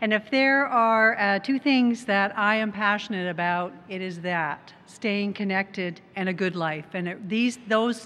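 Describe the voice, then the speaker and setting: A woman's voice: medium pitch, fairly bright tone. A middle-aged woman from Canada giving a conference presentation, putting questions to the audience and telling little stories. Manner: poses questions to the audience and tells anecdotes. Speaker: conference presenter, tech company head. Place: large conference hall. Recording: long hall reverb, faint background noise.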